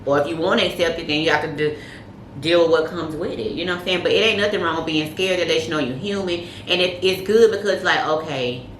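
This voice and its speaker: A woman with a notably low voice talks through dating advice in a loose, slangy way, leaning on street metaphors. She sounds like she's in a roomy space with a faint hiss under her voice. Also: fast, fairly bright tone. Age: adult, past early heartbreaks. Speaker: podcast co-host. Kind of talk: casual chat. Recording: roomy room with faint noise.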